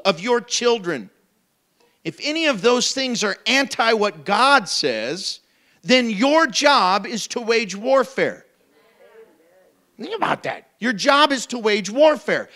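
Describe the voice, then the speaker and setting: A man with a high voice preaches an animated sermon. He slips into playful put-on voices and jokes along the way, keeping the tone lively and conversational. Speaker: pastor.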